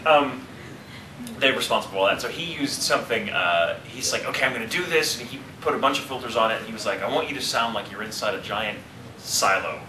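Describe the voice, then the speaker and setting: A man in his thirties, a voice actor answering fan questions at a convention panel, talking in an animated, joking way and wandering off into tangents. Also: mid-range voice, fast talker. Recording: roomy, distant, noisy audience recording.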